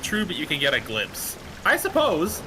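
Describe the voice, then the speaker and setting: A man's voice: a little high, huge pitch swings, moderate pace, background noise. A man chatting playfully with a friend during a gaming stream. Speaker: streaming guest. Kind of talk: casual chat while gaming. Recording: music playing behind.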